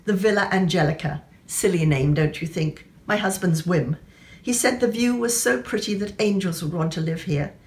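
Give me a woman putting on an elegant, chatty upper-class English lady with a somewhat low voice. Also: moderate pace, close to an everyday voice. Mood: breezy. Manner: breezy, gossipy, upper-class.

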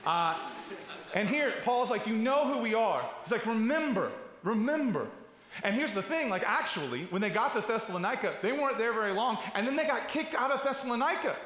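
A man's voice: extremely high pitch, animated, fast, sharp tone. A middle-aged man, a pastor, preaching a sermon in a conversational way, with restarts, asides and rhetorical questions. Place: large church hall. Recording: echoey church hall.

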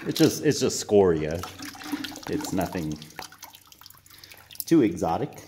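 Middle-aged man, lowish voice, loose and chatty vlogger recording outdoors. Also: sing-song, slow, noisy background. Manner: rambling, restarts often, chuckles. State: out of breath. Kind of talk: casual vlog narration. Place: outdoors near a mine, walking.

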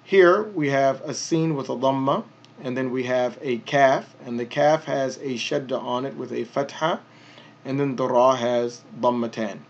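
Patient man teaching pronunciation, lo-fi. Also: mid-range voice. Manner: patient, explains step by step, repeats words slowly. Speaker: Arabic teacher. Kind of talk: pronunciation lesson.

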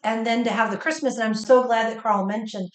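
A woman co-hosting a casual cooking podcast, effusive and drawn-out in her praise of the food. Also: fairly high pitch, fairly even intonation, echoey room. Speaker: podcast co-host.

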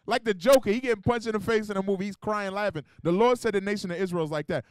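A man's voice: high-pitched, quick pace, smooth, dry recording. A man teaching as an officer in a sermon, emphatic and colloquial, calling out verses for a reader. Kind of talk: street-style teaching sermon.

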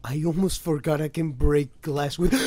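There's slight background noise as a man with a slightly high voice gives casual live gameplay commentary. He swears and reacts loudly to what happens on screen.

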